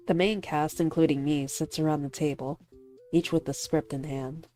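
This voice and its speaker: A woman playing through a visual novel, reading the narration and adding animated, laughing commentary. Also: low voice, unhurried, long pauses, faint music behind. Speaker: streamer voicing a visual novel.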